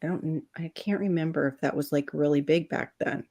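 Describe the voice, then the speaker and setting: Lively low-voiced woman telling stories. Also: brisk. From Florida. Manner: animated storytelling, laughs often. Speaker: livestream host. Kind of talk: casual chat.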